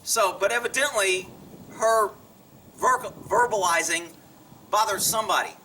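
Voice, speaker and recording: A man's voice: high-pitched, measured pace, pushed and bright, far from the mic, slight background noise. A man casually telling a personal story to the camera, chuckling often and acting out the people he quotes.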